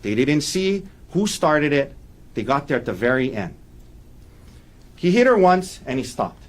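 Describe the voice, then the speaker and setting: A man's voice: fairly high pitch, sing-song, measured pace. A man giving a courtroom opening statement as defense attorney, emphatic and repeating key points for weight.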